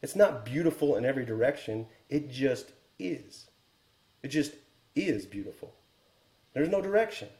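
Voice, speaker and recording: A man's voice: mid-range voice, animated, normal speed, a little mellow, roomy sound. A man in his forties, a military pilot guest, telling a war story in an earnest, reflective way on a podcast. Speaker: guest, Air Force helicopter pilot and author.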